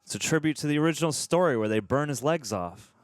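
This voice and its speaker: A man's voice: a little high, animated, fast talker, very noisy. A man co-hosting a movie reaction, dropping dry punning quips. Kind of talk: casual joking commentary.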